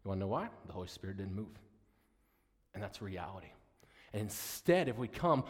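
A man preaching a sermon with passion, swinging from loud declarations to hushed storytelling. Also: sits low, sing-song, brisk, pauses often, long reverb tail.

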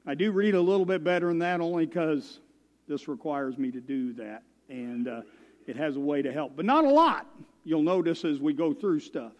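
Folksy preacher, high voice. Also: male voice, fairly even intonation, normal speed, warm tone, in a large hall. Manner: folksy, self-deprecating storytelling. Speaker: guest preacher. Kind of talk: sermon. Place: church.

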